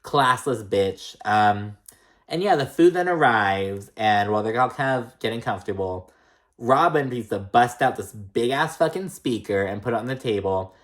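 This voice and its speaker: A man's voice: mid-range voice, animated, moderate pace. A man casually recapping a reality TV episode in a gossipy, profane way, with lots of fillers.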